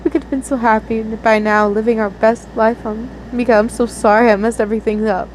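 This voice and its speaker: A woman voicing a tearful young woman softly pleading with her lover in a fan story reading. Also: on the high side, fairly even intonation, fairly quick, a little hiss or hum, natural voice, poor audio. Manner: soft, pleading, choked up.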